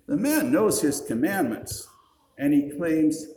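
A man's voice: a little high, big pitch swings, slow pace, dark tone. A male pastor preaching a sermon. He reasons step by step, asks rhetorical questions and adds dry, wry asides. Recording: roomy echo.

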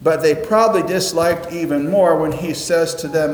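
A man preaching a sermon conversationally, dropping low and quiet to stress a point. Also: fairly even intonation, normal speed, hardly any pauses. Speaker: pastor. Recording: echoey hall with long reverb.

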